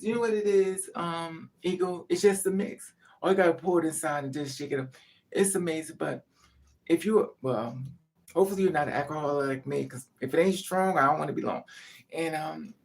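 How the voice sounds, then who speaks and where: A woman's voice: low-pitched, vocal fry, a little mellow. A woman vlogger telling a rambling, profane story in casual chat to her viewers.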